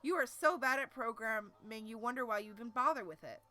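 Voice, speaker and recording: A woman reads a webcomic aloud on a live stream, tripping over words and dropping casual, self-deprecating asides. Her voice is bright and slightly high. Soft music plays in the background. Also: a little fast, hardly any pauses.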